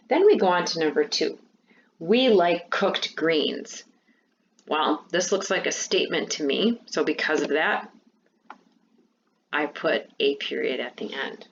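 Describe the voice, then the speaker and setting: A woman teacher giving a remote lesson to fifth and sixth graders, explaining patiently and clearly. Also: sits low, a bit bright, muffled recording, a little hiss or hum.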